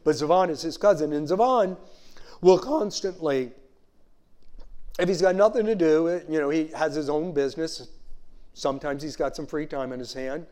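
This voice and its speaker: Man, pastor, sermon, mellow tone, slightly high voice, chatty asides, drawn-out emphasis. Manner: conversational, with frequent "you know" asides; slows down to stress scripture phrases.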